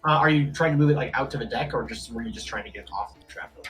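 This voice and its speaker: A game master narrating a tabletop game, quick and rambling with lots of fillers. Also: medium pitch, fairly bright tone, faint music behind, poor audio.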